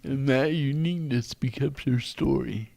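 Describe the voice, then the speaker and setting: A man's voice: mid-range voice, creaky, a little mellow, dry recording. A man who is a guest speaker, telling stories and speaking earnestly about faith in a podcast interview. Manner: slow, deliberate, earnest, faith-based.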